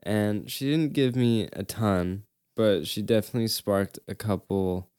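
A man hosting a podcast in casual chat, relaxed and mostly giving short replies. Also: on the low side, unhurried, clean tone, no echo, clean studio sound. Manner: relaxed, brief backchannel replies. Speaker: podcast host.

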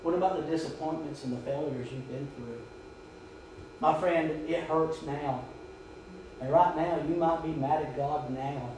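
Pastor preaching, kinda high voice, big echo, mic far off. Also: male voice, a little slow, noisy background. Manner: storytelling, shouting quoted drill commands. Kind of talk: sermon. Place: church sanctuary. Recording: echoey church from far off.

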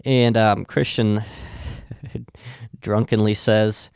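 A young man hosting a podcast who tells rambling, swear-laden stories in a flat, deadpan way. His voice is smooth and resonant. The sound is dry and close to the mic. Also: lowish voice, slow, pauses often, dry recording. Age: young adult. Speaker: podcast host. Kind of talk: casual storytelling.

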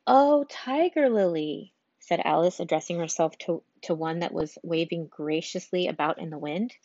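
A woman's voice: sits low, little pitch movement, a little mellow, dry recording, muffled recording. Woman reading a storybook aloud. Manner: unhurried, stumbles and restarts on words. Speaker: reader.

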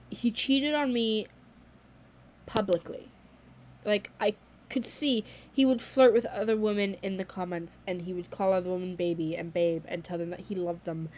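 A woman's voice: mid-range voice, a little mellow, slight background noise. A young woman talking casually to camera in a vlog, candid and blunt, swearing freely and filling her speech with "like.".

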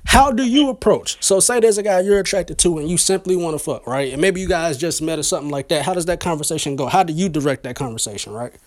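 A man's voice: on the high side, fast talker, hardly any pauses, a little hiss or hum. A man hosting a podcast in casual chat, teasing and laughing often as he talks, with in his speech. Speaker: podcast host.

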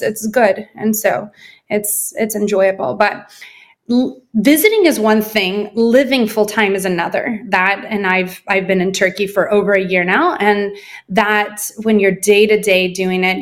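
Woman guest from the US, lively storyteller who acts out quoted dialogue, casual interview. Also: mid-range voice.

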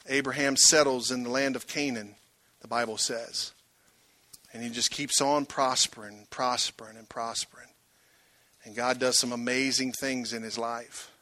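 In a mid-range voice with no room sound, a man preaches a dramatic sermon. He alternates loud outbursts with quiet moments and asks his congregation rhetorical questions.

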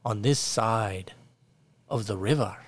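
A man's voice: fairly low pitch, takes it slowly. A man voicing a simple-minded male peasant villager from a glitchy game world, courtly and old-fashioned, who repeats himself and speaks of himself by name. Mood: welcoming.

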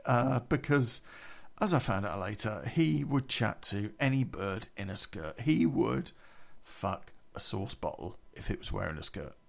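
A man's voice: lowish voice, animated, unhurried, gravelly. A middle-aged man telling a casual anecdote, chatty and laughing often. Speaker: podcast storyteller.

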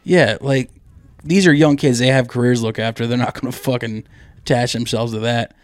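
A man's voice: medium pitch, fairly even intonation, a little fast, no echo. A man co-hosting a casual comedy podcast, telling rambling, profane stories and acting out the people in them. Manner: profane, rambling storyteller who acts out the people in his stories. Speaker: podcast co-host.

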